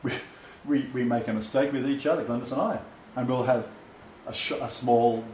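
Man, informal preacher, lively emphatic delivery, faint room ambience, lo-fi roomy recording. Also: mid-range voice, moderate pace, slight background noise. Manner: animated, emphatic scripture quoting with restarts. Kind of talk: informal home-group sermon.

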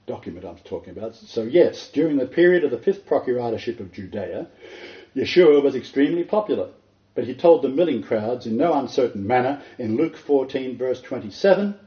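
Emphatic, laughing preacher in an echoey hall. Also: male voice, medium pitch, brisk, highs cut off. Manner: animated, emphatic, laughs often. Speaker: pastor. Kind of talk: sermon.

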